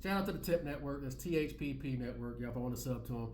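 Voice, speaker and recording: A man's voice: mid-range voice, quick pace, darkish tone, reverberant, slight background noise. A man giving reaction commentary in a preachy, repetitive way, full of street slang. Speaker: commentary vlogger.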